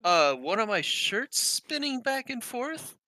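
A man's voice: very high-pitched, sing-song, slow, a crowd in the background. A man in casual chat on a call, uneasy and hesitant. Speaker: listener on a call.

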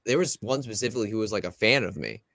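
A man's voice: lowish voice, lively intonation, racing, fairly bright tone, no room sound, studio quality. A man co-hosting a fantasy football podcast, telling a story in a rambling way with lots of fillers. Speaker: podcast co-host. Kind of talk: casual chat.

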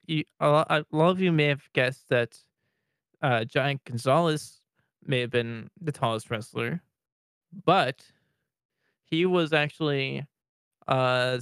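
A young man from Saskatchewan in Canada hosting a casual podcast chat, halting and full of fillers, often laughing. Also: fairly high pitch, a bit bright, clean tone, dry recording, clean studio sound. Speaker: podcast host. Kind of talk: casual podcast chat over video call.

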